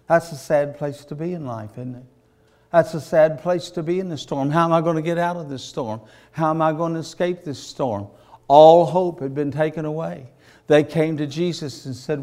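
A man's voice: on the high side, normal speed, warm tone. A man preaching a sermon, repeating phrases and building to emotional peaks.

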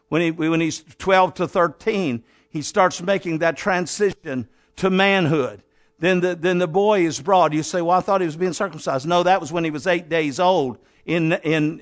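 A man's voice: a little high, normal speed. A man preaching a sermon with fervor, calling his listeners "my friend" and acting out the people in his story. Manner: fervent, addresses listeners as "my friend", acts out Bible characters.

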